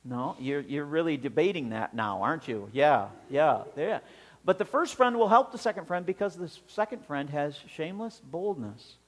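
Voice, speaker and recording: A man preaching a sermon as pastor, animated and acting out the scenes with voices, heard with long church reverb. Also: on the high side, moderate pace.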